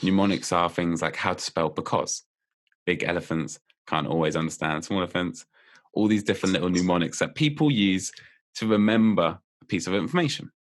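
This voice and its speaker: A man with a low-sitting voice talks briskly as a memory coach on a podcast. He explains memory techniques in a relaxed, lively, playful way, often breaking into laughter.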